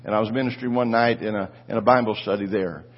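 A man's voice: lowish voice, fairly even intonation, quick pace, muffled recording. A man preaching a sermon, telling a personal story with fervent, repetitive delivery and calls for the congregation to respond. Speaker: pastor.

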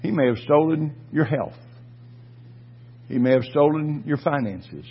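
A man preaching a fervent sermon, swinging between quiet asides and loud exhortation. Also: fairly high pitch, lively intonation, measured pace, husky, dull audio. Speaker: pastor.

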